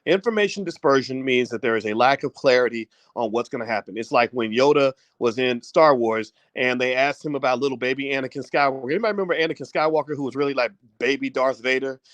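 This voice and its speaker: Guy riffing on stocks to his viewers, lively and direct, close dry mic. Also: medium pitch, fast talker, hardly any pauses, no room sound. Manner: animated, direct, folksy asides to the audience. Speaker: finance commentator. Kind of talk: casual online talk to viewers. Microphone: desk microphone.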